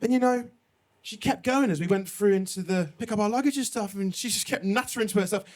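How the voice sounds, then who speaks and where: A man performing live stand-up, with a slightly high, lively voice that swoops up and down. He tells his story in a chatty, animated way. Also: fast talker. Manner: animated, chatty, swings between high and low for effect. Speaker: stand-up comedian. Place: comedy venue stage.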